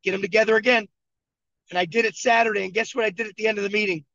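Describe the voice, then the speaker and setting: A man from Buffalo, New York, with a high, gravelly voice coaches his team and drives his points home by repeating them. The sound is dry and dull, like lo-fi video call audio. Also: steady tone, very fast, pushed and bright, dry recording. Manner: emphatic, repetitive storytelling. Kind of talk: motivational coaching talk. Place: moving vehicle.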